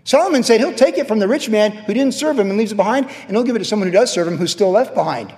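High-voiced pastor preaching in a reverberant hall. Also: male voice, quick pace. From California. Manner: animated storytelling with sudden jumps in pitch and volume. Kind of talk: sermon. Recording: long reverb from a large hall.

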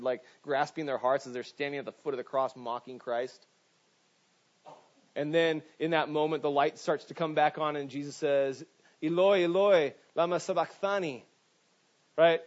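A man preaches in a chatty, animated way, stumbling over repeated words and checking in with the congregation. His voice sits a little high for a man. The recording sounds dull and lo-fi. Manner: conversational preaching, many restarts and "right?" asides. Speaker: pastor. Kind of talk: sermon.

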